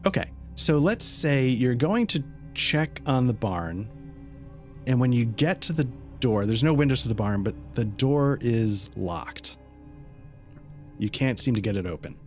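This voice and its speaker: A man's voice: mid-range voice, animated, a little slow, soft background music. Man running a tabletop game. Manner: casual, explaining, frequent fillers. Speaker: game master. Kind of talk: narrating a tabletop horror game.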